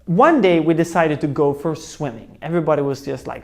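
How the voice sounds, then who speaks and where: A man's voice: a little high, normal speed, creaky, hardly any pauses, darkish tone. A young man telling a personal story in a motivational talk, acting out voices and sounds as he goes. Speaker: motivational speaker.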